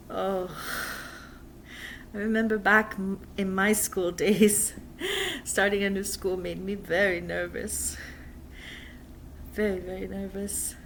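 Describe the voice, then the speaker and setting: Soft-spoken woman hosting a children's video. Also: mid-range voice, takes it slowly, long pauses, a little hiss or hum. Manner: soft, calm and motherly, sometimes whispered. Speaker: host of a children's Islamic video. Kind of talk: gentle instruction for children.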